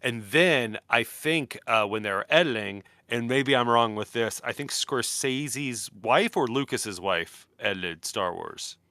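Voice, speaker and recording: An animated man co-hosting a podcast, trading loose banter and tossing in quick comic voices. His pitch bounces around a lot and his tone is bright and forward. The sound is close and dry. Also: dry recording. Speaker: podcast co-host. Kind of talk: casual chat.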